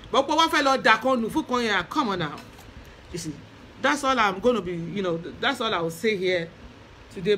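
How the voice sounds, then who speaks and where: A man's voice: high voice, sharp tone, slight background noise. A man, an Ifá spiritualist talking earnestly on a livestream and chanting praise verses, switching between Yoruba and English.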